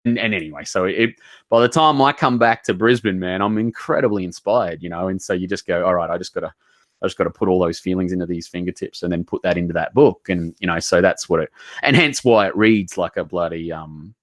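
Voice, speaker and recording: Aussie guy, kind of low voice, rambly and heartfelt, swears a bit casually, dry sound. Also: fairly quick, dry recording. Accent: Australian. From Southeast Queensland, Australia. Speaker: author guest. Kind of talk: casual storytelling conversation.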